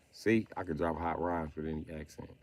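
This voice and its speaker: A man's voice: very deep voice, no room sound. A man streaming live, chatting casually in a crude, joking way and laughing at his own bits.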